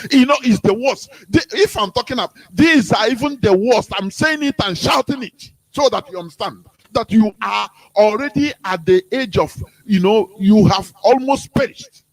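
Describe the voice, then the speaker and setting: A Nigerian man hosts a radio talk and lectures his listeners. His pitch climbs and drops all over as he drives his points home, and he breaks into laughs between them. His voice sits a little high for a man. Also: lively intonation, a little slow, no echo. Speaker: radio host.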